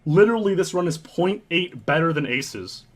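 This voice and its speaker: A young man hosting and narrating his own story in an earnest, halting way, often restarting his sentences. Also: fairly high pitch, animated. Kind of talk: reflective storytelling commentary.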